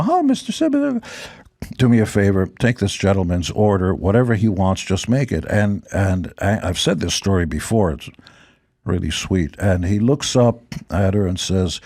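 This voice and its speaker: Low-voiced older man telling stories. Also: normal speed, a little mellow, no echo. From Israel. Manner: dry joking asides. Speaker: guest musician. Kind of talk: casual storytelling.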